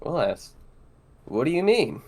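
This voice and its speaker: A male podcast co-host in casual chat, chiming in briefly and agreeably. His pitch moves around a lot. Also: very animated, unhurried, darkish tone.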